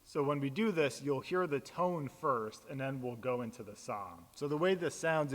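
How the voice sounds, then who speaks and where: Man, pastor, casual teaching, relaxed, plain-spoken, mid pitch, long hall reverb. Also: normal speed, hardly any pauses, loud music behind the voice. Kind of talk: casual instructional explanation.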